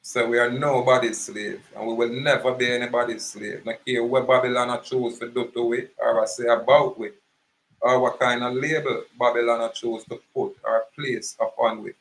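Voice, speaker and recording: A man's voice: medium pitch, level tone, moderate pace, a bit bright, poor audio. A man with a Jamaican accent giving an impassioned, preachy monologue, emphatic and repetitive. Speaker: activist speaker.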